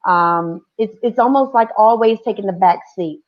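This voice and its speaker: A woman in her forties on a discussion panel, telling stories in an animated way and acting out other people's lines. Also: medium pitch, normal speed, dull audio. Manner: animated storytelling with quoted voices.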